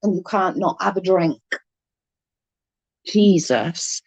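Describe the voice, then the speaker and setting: A Welsh woman in her forties, speaking with a Newport accent, rants casually as a vlogger, blunt, sarcastic and full of swearing. Her voice is lowish and expressive, her pace slow, and the recording has no echo.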